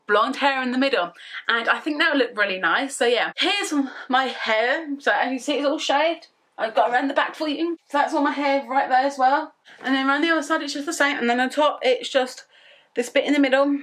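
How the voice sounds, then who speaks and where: A young woman vlogging casually from her bedroom, rambling through an excited story. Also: sits high, brisk. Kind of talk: casual chatty vlog.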